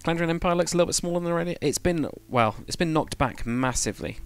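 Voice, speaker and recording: On a live stream, a man builds something while chatting casually with viewers, rambling and correcting himself as he goes. His voice is on the high side and clean in tone, his pace quick, with faint music behind him.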